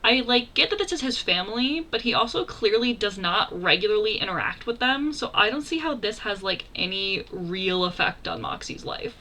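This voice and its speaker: A young woman hosting a reaction video, talking casually and exclaiming excitedly as she comments. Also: medium pitch, moderate pace, few pauses, a little hiss or hum.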